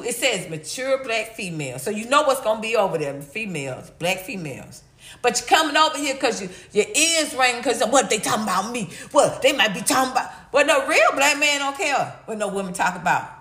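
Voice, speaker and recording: A woman's voice: a little high, pushed and bright. A middle-aged woman hosting a livestream, chatting casually and reading chat comments in a slangy, blunt, laughing way. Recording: echoey room.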